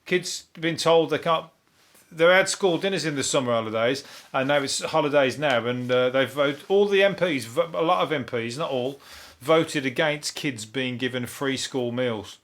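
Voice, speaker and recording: A man's voice: mid-range voice, normal speed, fairly bright tone. A man hosting a comic news monologue, rambling and swearing, laughing at his own jokes. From Birmingham, England. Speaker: comedian podcast host.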